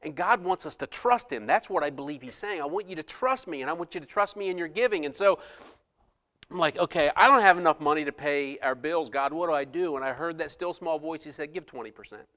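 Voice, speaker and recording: Pastor telling a story in a reverberant hall. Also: male voice, a little high, brisk, sharp tone. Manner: storytelling with many restarts and quoted dialogue. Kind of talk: sermon testimony. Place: church.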